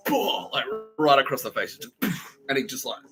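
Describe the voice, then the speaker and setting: A podcast host tells a rambling, profane story packed with laughter, his mid-range voice swinging widely in pitch at a moderate pace. Music plays underneath, and the recording is rough.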